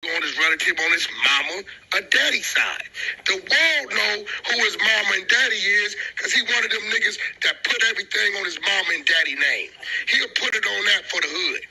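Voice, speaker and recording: A man's voice: sits high, animated, moderate pace, sharp tone, low-quality recording. A man defending himself in a live audio room, emphatic and profane. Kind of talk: defensive argument.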